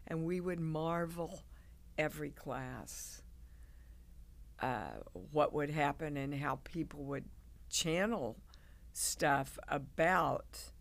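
A woman, a guest on an interview show, telling stories in an animated way and acting out the people in them. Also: deep voice, slow, creaky. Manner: animated, acts out quoted people. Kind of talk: casual interview storytelling.

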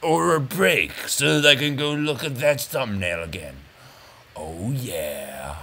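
A man's voice: a little high, lively intonation, normal speed, vocal fry, sharp tone, slight background noise. A man giving casual, rambling, self-mocking commentary over a brain-training game. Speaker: gameplay commentator.

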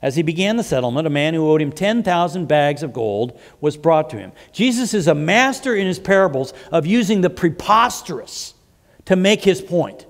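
A man preaching in a church, his voice pitched on the high side for a man as it carries through a hall with a long reverb tail. He works through scripture in a conversational way, pausing to restart phrases and add asides. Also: big pitch swings. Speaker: pastor. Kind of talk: sermon. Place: church sanctuary.

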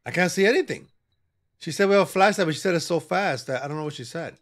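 A gaming channel host with a slightly high voice talks fast, joking and sassing his way through a horror game while bantering with the on-screen characters.

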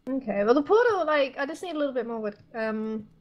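A young woman co-hosting a casual game session, playful and gently teasing. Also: sits high, expressive, fast talker, dull audio. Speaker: co-host of the gaming show. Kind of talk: casual co-op gameplay chat.

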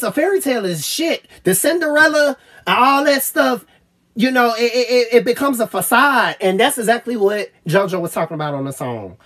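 A woman gushing over an album in a casual review vlog, swearing freely and stammering with repeated fillers, at times choking up and trailing off quietly. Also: fairly high pitch, husky. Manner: gets choked up and trails off quietly. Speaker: music reviewer.

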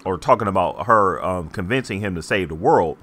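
A man's voice: deep voice, animated, a little fast, bright, forceful tone. A man co-hosting a podcast, musing over a comic in a rambling, hesitant way full of ums. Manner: rambling, hesitant with many ums, laughs easily. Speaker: podcast co-host. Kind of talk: casual comic-book discussion.

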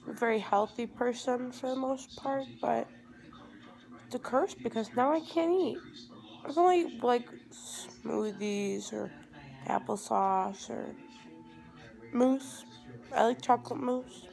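Groggy teen girl rambling at her phone at home, kinda high voice. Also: unhurried, creaky, pauses often, a little mellow, soft background music, rough recording. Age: teens. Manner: groggy and rambling after surgery. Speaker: vlogger. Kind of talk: rambling selfie vlog. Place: home, indoors. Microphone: phone at arm's length.

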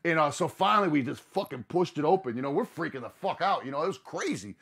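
A man on a podcast, telling a road story in casual, profane chat, animated and full of slang. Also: a little high, quick pace, vocal fry, husky. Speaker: podcast host.

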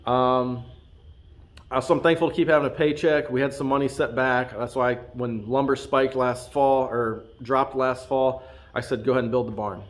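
A man's voice: medium pitch, fairly even intonation, moderate pace. Earnest man in his thirties. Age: 30s. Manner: earnest, heartfelt, thanking viewers. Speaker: farm vlogger and channel host. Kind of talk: casual talk to camera.

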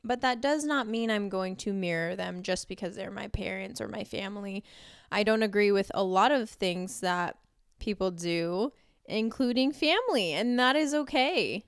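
A woman's voice: medium pitch, clean tone, no room sound, clean studio sound. A young woman hosting a podcast, talking earnestly and heartfelt about faith and parenting, with small laughs. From Costa Rica. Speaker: podcast host. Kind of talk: personal faith talk.

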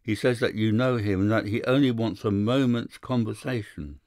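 A man's voice: on the low side, normal speed, a little mellow, no room sound, studio quality, natural voice. A man voicing a deferential young housemaid in an audiobook. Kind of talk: audiobook character voice.

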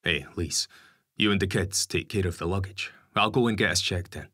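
A man's voice: deep voice, normal speed, sharp tone, slightly rough, no room sound, studio quality, heavily acted. A man voicing a laid-back, protective father who talks in an easygoing, informal way.

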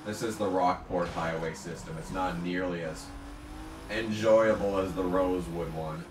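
A man giving let's play commentary while racing, ranting and swearing, now and then bursting into shouts at the game. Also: sits low, steady tone, moderate pace, reverberant, distant mic, noisy background. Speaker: gamer commentating his own play.

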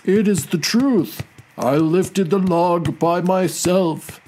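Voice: mid-range voice, huge pitch swings, unhurried, mellow, slight background noise. A storyteller voicing a kind, proud male buffalo in an earnest, plain manner.

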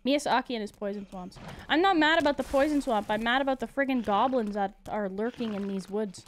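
A woman's voice: on the high side, normal speed, slight background noise. A woman streaming a video game, chatting casually with her chat and laughing often. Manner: giggly and chatty, answering chat. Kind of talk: casual live-stream gameplay commentary.

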